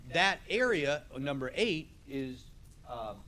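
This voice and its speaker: A man's voice: on the high side, big pitch swings, takes it slowly, pushed and bright, slight background noise. Man giving a casual sales class. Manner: casual, repeats "okay?" to check understanding. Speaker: sales trainer. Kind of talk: classroom lecture. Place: training classroom.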